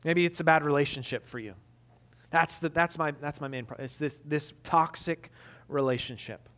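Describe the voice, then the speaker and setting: High-voiced man preaching casually. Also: moderate pace, fairly bright tone. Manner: conversational, self-deprecating, many fillers. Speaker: pastor. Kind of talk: casual storytelling sermon.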